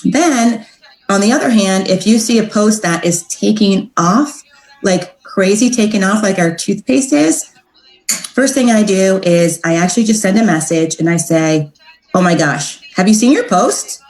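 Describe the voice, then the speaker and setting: A woman giving a casual training talk on direct sales, upbeat and chatty, acting out sample messages in a brighter voice. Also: medium pitch, a little slow, roomy sound, poor audio.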